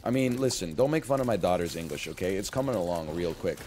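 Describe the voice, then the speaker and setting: A man's voice: sits low, fast talker, faint music behind. Chatty rambling male streamer. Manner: rambling storytelling with sudden loud excited voices for bits. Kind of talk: casual stream chat.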